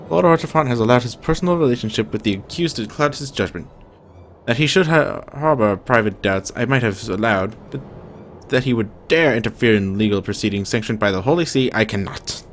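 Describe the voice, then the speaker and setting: A man's voice: mid-range voice, expressive, brisk, slight background noise, close to an everyday voice. A man doing a grave, stately inquisitor. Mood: stern. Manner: grave, stately, mock-Shakespearean. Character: stern male inquisitor, older, judgmental.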